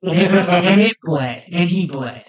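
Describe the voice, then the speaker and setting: A man co-hosting a casual fan podcast, talking with excited, animated energy. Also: sits high, unhurried, crowd noise. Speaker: podcast co-host. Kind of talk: casual chat.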